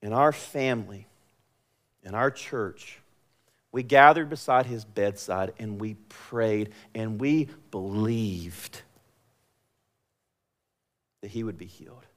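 A young man preaching a sermon, moving between quiet, drawn-out, intimate lines and loud, impassioned passages. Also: on the low side. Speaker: pastor.

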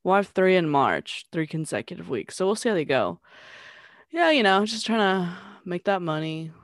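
A woman's voice: fairly low pitch, big pitch swings, moderate pace, dry recording. A woman co-hosting a podcast in casual chat, sleepy and offhand, with dry humor. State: sleepy, just woke up. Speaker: podcast co-host.

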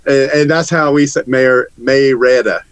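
A man's voice: on the high side, animated, normal speed, no echo, rough recording. A man from Georgia, a band musician, chatting casually in an interview and joking with frequent laughs. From Georgia, USA.

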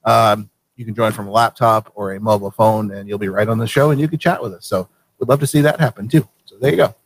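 A man from Vermont hosting a casual live show, easygoing and quick to laugh. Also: fairly low pitch, no room sound. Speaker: show host.

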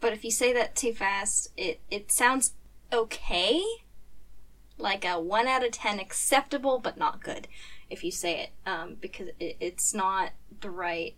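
A woman, a guest on a podcast, chatting casually and pausing to search for words. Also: medium pitch, fairly bright tone, distant mic. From United States.

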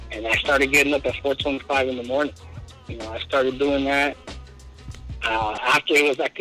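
A middle-aged man, a high school basketball coach from Southern California, telling a story in a casual interview and peppering his speech with "man" and "you know.". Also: pushed and bright, rough recording.

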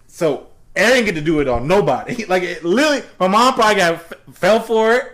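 A man's voice: high voice, brisk, hardly any pauses. A man in his forties chatting casually, animatedly acting out quoted voices while telling stories. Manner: animated storyteller, acts out voices of others. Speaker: podcast co-host. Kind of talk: casual chat.

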